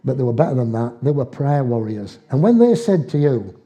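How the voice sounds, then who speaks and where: A man's voice: medium pitch, very animated, brisk, dark tone, highs cut off. An older man preaching a sermon, telling homely stories in dialect with chuckles along the way. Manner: folksy storytelling with dialect and chuckles.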